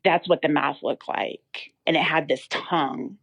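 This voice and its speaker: A woman's voice: sits low, fairly even intonation, measured pace, vocal fry. A woman giving a personal testimony as a podcast guest, telling her story vividly with many fillers and restarts.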